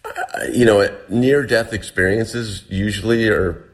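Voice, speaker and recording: A man's voice: on the low side, fairly even intonation, measured pace. A man casually recounting a story as an interview guest, chatty and full of restarts. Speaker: guest telling a survival story.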